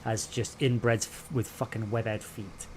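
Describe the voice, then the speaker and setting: A man hosting a casual gaming stream from England, chatting in a rambling, sweary, animated way over a voice call. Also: lowish voice, unhurried, slight background noise. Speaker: streamer host.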